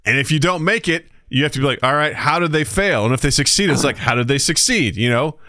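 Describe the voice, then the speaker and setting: A man co-hosting a podcast in casual chat, telling stories with lively acted-out quotes. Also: on the high side, fast talker, no room sound, clean studio sound. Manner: animated storyteller, acts out quotes. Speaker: podcast co-host.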